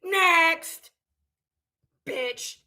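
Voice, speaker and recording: A woman's voice: extremely high pitch, extremely slow, sharp tone. A woman vlogger reading viewer comments aloud and reacting with heated, profane, confrontational ranting.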